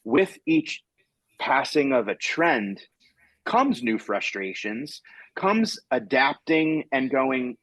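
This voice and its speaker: A male comedian hosting a podcast, talking in a rambling, animated way and acting out quoted exchanges as he tells a story. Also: mid-range voice, slow, no room sound, rough recording. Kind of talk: casual chat.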